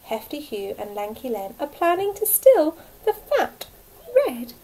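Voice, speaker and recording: A woman voicing a small, clever ladybird in a children's story, urgent and hushed. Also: high voice, sing-song, measured pace, heavily acted, poor audio.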